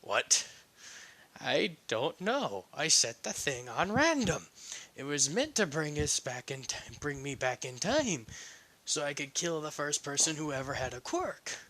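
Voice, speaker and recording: A man voicing a frantic, giddy mad scientist who cries out and laughs high. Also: fairly bright tone, poor audio.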